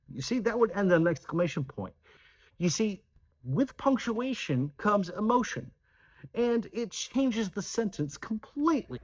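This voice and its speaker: A man's voice: sits high, sing-song, unhurried. A man teaching a grammar lesson who acts out example sentences with animation.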